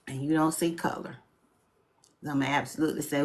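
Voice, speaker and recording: A woman's voice: sits low, fairly even intonation, brisk. Blunt, scolding woman addressing viewers. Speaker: host presenting slides. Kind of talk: casual livestream talk.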